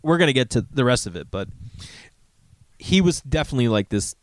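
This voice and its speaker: A man's voice: medium pitch, very animated, a little fast, no room sound. Dry, close-sounding American man telling stories. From United States. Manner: rambling, profane, acts out quoted dialogue. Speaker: comedian. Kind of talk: personal storytelling monologue.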